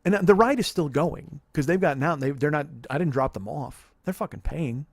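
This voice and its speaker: Fast-talking, profane man telling a story. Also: fairly high pitch, expressive, slightly rough, no room sound. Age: 40s. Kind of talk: storytelling comedy podcast.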